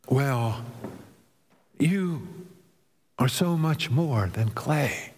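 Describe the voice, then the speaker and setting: A man preaching a sermon with dramatic delivery, swinging between high exclaiming and low hushed tones. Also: lively intonation, drawn-out words, pauses often, breathy edge, big-room sound.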